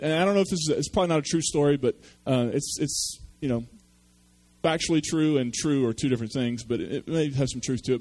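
A man's voice: medium pitch, darkish tone. A man preaching a sermon, telling a story with self-deprecating humor. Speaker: pastor.

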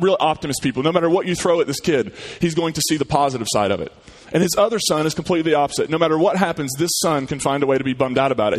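A male pastor praying and then preaching, telling a story in a conversational way with frequent restarts. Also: fairly high pitch. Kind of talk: sermon and prayer.

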